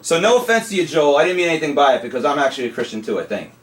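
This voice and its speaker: A man's voice: on the high side, very fast. A man who owns an arcade and hosts a podcast, chatting and telling jokes in a casual, joking way. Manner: joking, laughing, animated. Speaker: arcade owner and podcast host. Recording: roomy hall, distant mic, faint noise.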